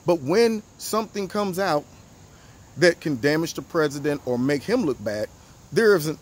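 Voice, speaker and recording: A man hosting his own political commentary show, talking in an animated, mocking way and acting out the people he quotes. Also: on the high side, moderate pace. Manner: animated, mocking, acts out quotes in different voices.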